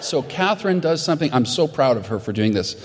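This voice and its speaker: A man's voice: mid-range voice, very animated, fast talker, husky, long reverb tail. A man preaching a sermon as pastor, telling stories earnestly.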